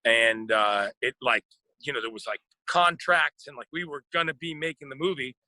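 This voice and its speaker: An American actor chatting casually in an interview, rambling with lots of fillers and restarts. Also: male voice, mid-range voice, moderate pace, pushed and bright, no echo, low-quality recording. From United States.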